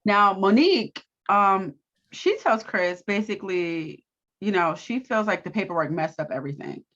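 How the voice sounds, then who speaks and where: A woman co-hosting a casual TV recap, with quick, sassy reactions and asides. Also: medium pitch, animated, fairly bright tone, muffled recording. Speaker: co-host of a TV recap show.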